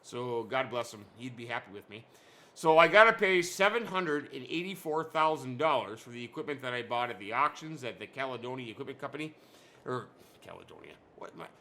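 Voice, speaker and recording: A man with a bright, forceful voice hosts a casual let's-play video. He rambles and jokes, often stopping to correct himself partway through a sentence. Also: mid-range voice, animated, a little fast. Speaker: gaming channel host.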